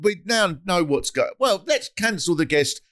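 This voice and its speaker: A man's voice: high voice, moderate pace, dry recording, studio quality. A middle-aged man hosting a podcast, rambling comically through anecdotes in a casual chat. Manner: rambling, lively comic storyteller. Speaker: podcast host.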